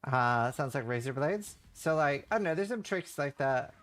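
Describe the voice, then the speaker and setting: Man, slightly high voice, rambling casual streamer chatter. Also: expressive, moderate pace, fairly bright tone. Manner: chatty, rambling, heavy use of "like". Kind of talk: casual livestream chat while gaming.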